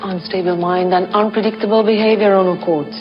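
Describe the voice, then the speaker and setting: Actress as a cold state lawyer, long reverb, dulled sound. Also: female voice, mid-range voice, fairly even intonation, brisk, soft background music, lightly acted. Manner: crisp, formal objections. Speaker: prosecuting lawyer. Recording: muffled film audio, reverberant courtroom.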